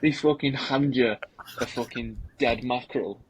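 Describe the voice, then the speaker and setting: A man's voice: medium pitch, normal speed, slightly rough, poor audio. A man hosting a casual podcast chat, laid-back and laughing along, swearing casually. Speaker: podcast host.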